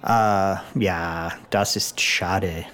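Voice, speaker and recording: Man, low-ish voice, unhurried, curious and joking learner. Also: fairly even intonation, a bit bright. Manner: curious, playful, halting tries at German. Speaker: German learner and co-host. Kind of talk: casual language lesson chat.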